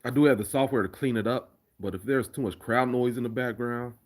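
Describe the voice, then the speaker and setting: A man's voice: medium pitch, brisk. A man hosting a casual live stream, chatting loosely with viewers about fights and his remixes, often restarting sentences. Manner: rambling, conversational, restarts often. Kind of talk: casual live chat reading viewer comments.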